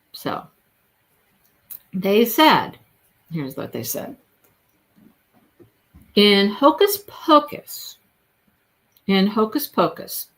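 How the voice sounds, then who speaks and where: Middle-aged woman, crochet stream host, slow rambling chatter with frequent laughs. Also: lowish voice. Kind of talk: casual livestream chat while crocheting. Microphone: phone.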